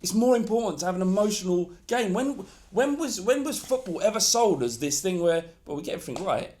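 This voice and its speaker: A man's voice: high-pitched, lively intonation, a little fast, darkish tone. A man co-hosting a football podcast, ranting heatedly in casual chat and swearing freely. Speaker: podcast co-host.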